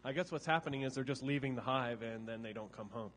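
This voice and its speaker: A man's voice: mid-range voice, fast talker, fairly bright tone, in a large hall. A man appearing as a guest in a comic improvised interview, speaking in a dry, matter-of-fact way. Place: large hall with a live audience.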